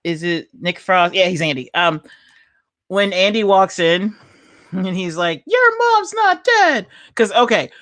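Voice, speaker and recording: A woman's voice: lowish voice, a little slow. A woman chatting casually about a movie, telling scenes animatedly with lots of fillers and laughter. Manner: animated storyteller, laughs often, many fillers.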